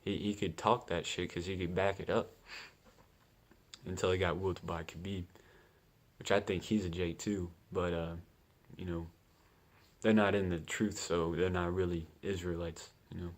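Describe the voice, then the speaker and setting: A man's voice: low-pitched, little pitch movement, normal speed. A man giving casual commentary as he reads scripture, laid-back and chatty, often laughing and saying "man.". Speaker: scripture teacher.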